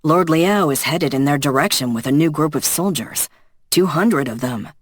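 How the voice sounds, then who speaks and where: An audiobook narrator voicing a male tracker who reports news in a brisk, serious way. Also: medium pitch, lively intonation, no room sound, studio quality, close to an everyday voice.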